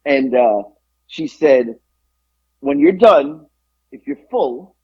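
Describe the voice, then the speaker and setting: A man co-hosting a podcast, telling an animated story in casual chat and acting out both sides of the conversation. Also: mid-range voice, takes it slowly, slightly rough, no echo, lo-fi sound. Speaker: podcast co-host.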